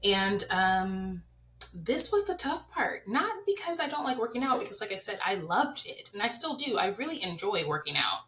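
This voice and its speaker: Bright-voiced woman, candid podcast chat. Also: mid-range voice, big pitch swings, normal speed, poor audio. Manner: earnest, confessional, addresses listeners directly. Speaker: podcast host.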